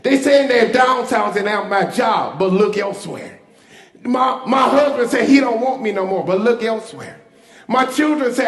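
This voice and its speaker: A male pastor preaching a sermon, leading the congregation in call-and-response and building to shouts. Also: high voice. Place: church sanctuary. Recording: echoey church hall with music.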